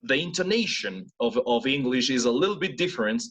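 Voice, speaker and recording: A man teaching English, animated and demonstrating pronunciation. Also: medium pitch, a little fast. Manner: animated, switches between English and Spanish, demonstrates accents. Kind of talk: online class teaching. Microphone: video call.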